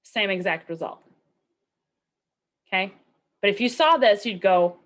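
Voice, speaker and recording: A woman's voice: medium pitch, normal speed, pauses often. Chatty woman teaching statistics. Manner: conversational, asks rhetorical questions, frequent okay and right. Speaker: statistics instructor. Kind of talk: recorded lecture.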